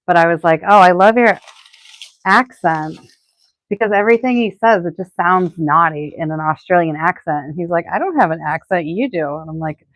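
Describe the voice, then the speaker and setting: Chatty Boston woman, lowish voice. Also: dry recording, lo-fi sound. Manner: chatty and rambling, many "like" fillers. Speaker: florist hosting a live stream. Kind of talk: casual live-stream chat while crafting.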